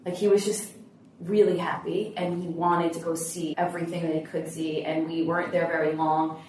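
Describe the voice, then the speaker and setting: Low-voiced woman heard from far off. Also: moderate pace. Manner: chatty, recounts a personal trip in a relaxed way. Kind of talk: casual roundtable chat. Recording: very echoey, distant from the mic, faint hiss.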